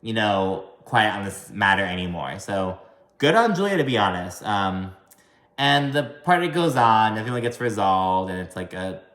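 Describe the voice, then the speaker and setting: A man giving a casual, gossipy recap of a reality show. He swears a lot and mimics cast members' lines in high, exaggerated voices. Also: normal speed, fairly bright tone, roomy sound.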